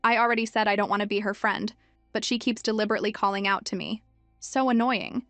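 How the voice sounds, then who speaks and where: A woman voicing a three-year-old girl who speaks clearly and firmly. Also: mid-range voice, steady tone, fast, fairly bright tone, no room sound, soft background music, close to an everyday voice. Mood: annoyed. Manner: clear and firm. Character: blunt, firm little girl, three years old.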